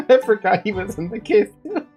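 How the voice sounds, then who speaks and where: A woman's voice: mid-range voice, big pitch swings, normal speed, mellow, muffled recording, faint music behind. A woman giving casual game commentary, laughing often and exclaiming as she plays. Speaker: let's play gamer.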